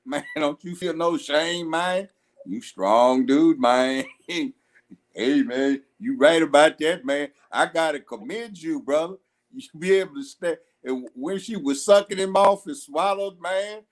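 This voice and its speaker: A man's voice: fairly high pitch, unhurried. A middle-aged man in casual live-stream panel talk, blunt, crude and mocking, laughing often. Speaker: judge, panel guest.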